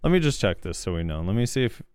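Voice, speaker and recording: A man's voice: lowish voice, very animated, quick pace, a little mellow, clear, resonant tone, no echo. A man co-hosting a gaming podcast, reading out viewer comments and reacting in a loose, hesitant way with lots of fillers. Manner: casual, hesitant, many fillers. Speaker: podcast co-host.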